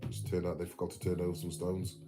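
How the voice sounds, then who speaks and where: A man's voice: low voice, monotone, quick pace, rough recording. An English man ranting casually on a livestream, swearing a lot and ending his sentences with "man" and "mate". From England. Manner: sweary, rambling, tags lines with "man" and "mate". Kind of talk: rambling casual rant. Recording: music playing loudly behind the voice.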